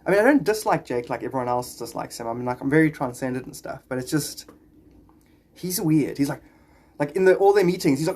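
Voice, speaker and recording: A man's voice: sits high, fast. A man livestreaming casually, chatting in a rambling way and greeting viewers by name.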